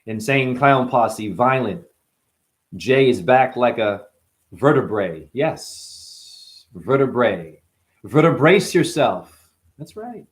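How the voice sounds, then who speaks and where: A man in the middle of a loose freestyle rap, chaining puns and rhymes into each other. He is boastful and profane, and his voice sits at an ordinary pitch for a man. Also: lively intonation, slow pace. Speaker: freestyle rapper.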